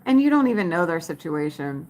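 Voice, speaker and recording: A woman vlogger chats casually with her live viewers, folksy and talkative, calling them y'all. Her voice is lowish and a little mellow, very animated and brisk.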